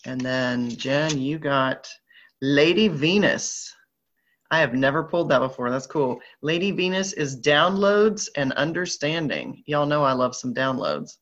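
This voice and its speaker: With a Southern American accent and a low-pitched voice, a spiritual group leader reads oracle cards aloud to a live online group. Her intonation is lively, her pace a little slow, and her manner upbeat and playful, though the lo-fi audio sounds slightly dull.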